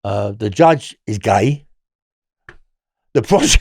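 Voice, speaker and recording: A man's voice: mid-range voice, expressive, normal speed, pauses often, darkish tone, slight background noise. An older man with a London accent, bluntly recounting old prison stories in a rambling, profane way. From England. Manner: rambling, blunt, swears freely. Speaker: interview guest.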